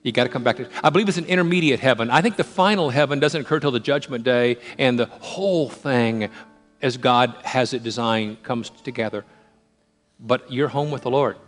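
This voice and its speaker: Male pastor preaching, repeats himself for emphasis, gets loud then drops real quiet. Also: mid-range voice, normal speed. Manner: emphatic, repetitive, swings from loud to hushed. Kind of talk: sermon.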